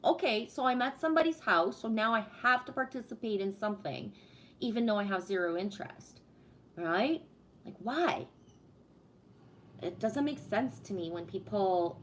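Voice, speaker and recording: A middle-aged woman from Canada chatting casually on a livestream, telling stories in an animated way with a lot of swearing. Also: medium pitch, a little hiss or hum. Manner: animated storytelling with heavy swearing. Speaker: livestream host.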